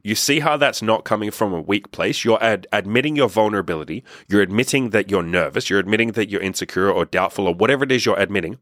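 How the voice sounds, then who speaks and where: A man's voice: fairly low pitch, fast talker, few pauses, a bit bright, no room sound, studio quality. A young man hosting a podcast, giving a blunt, emphatic motivational monologue with casual swearing. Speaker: podcast host.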